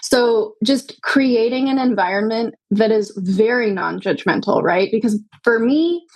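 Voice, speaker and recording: A woman's voice: on the high side, unhurried, a little mellow, low-quality recording. A woman talking as a podcast guest, a yoga teacher and doula, speaking earnestly and reflectively and often ending thoughts with tag questions. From United States. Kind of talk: conversational interview.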